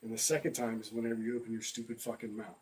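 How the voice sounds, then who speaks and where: A man's voice: mid-range voice, level tone, rapid-fire, a little hiss or hum, rough recording. A man who owns a pawn shop, talking bluntly and plainly as a podcast guest. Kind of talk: casual interview chat.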